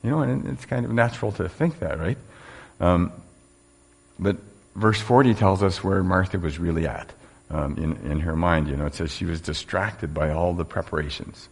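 A man's voice: sits low, moderate pace, creaky, breathy edge. A man preaching a sermon in a conversational way, with rhetorical questions and casual fillers.

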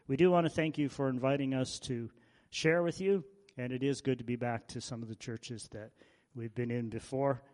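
A man, a visiting missionary, giving informal announcements to a church congregation, halting and repeating himself as he goes. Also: medium pitch, steady tone, a little mellow, in a large hall.

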